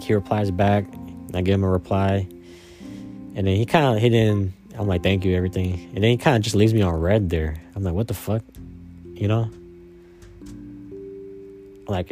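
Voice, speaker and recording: A young man casually telling a personal story, halting and slangy, with lots of fillers. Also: fairly low pitch, dark tone.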